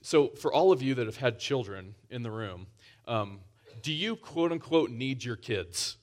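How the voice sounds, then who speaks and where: A man's voice: medium pitch, animated, a little slow. Conversational male preacher, restarts a lot. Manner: conversational, many restarts, rising emphasis. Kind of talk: sermon.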